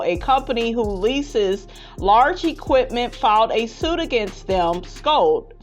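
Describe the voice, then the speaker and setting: A woman hosting a gossip commentary on reality TV, reading viewer comments in a sassy way and calling everyone honey. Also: medium pitch. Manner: sassy, calls listeners honey, prone to laughing fits.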